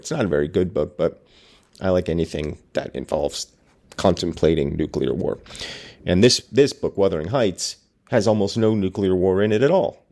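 A man's voice: low voice, darkish tone. A man reading a classic novel aloud and breaking off for wry, joking commentary. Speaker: reader and host.

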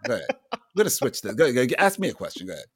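A man hosting a podcast in a playful, animated casual chat, often restarting his sentences. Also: medium pitch, racing, breathy edge. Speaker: podcast host.

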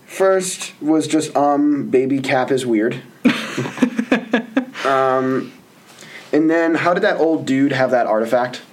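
A man's voice: mid-range voice, slow, pauses often. A man co-hosting a casual movie discussion, laid-back and wry, with short asides.

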